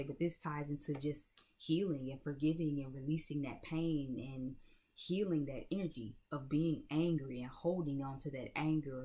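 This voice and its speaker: A woman's voice: low-pitched, mellow. A woman giving a casual tarot reading to her viewers, talking bluntly and checking in with her listeners again and again. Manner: conversational, keeps checking in with "right?" and "you know what I'm saying?"; blunt and streetwise, swears freely. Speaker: tarot reader.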